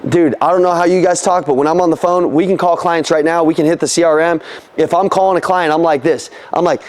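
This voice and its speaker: A young man giving a motivational sales training talk, energetic and casual, swearing freely and throwing questions at the room. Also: a little high, quick pace.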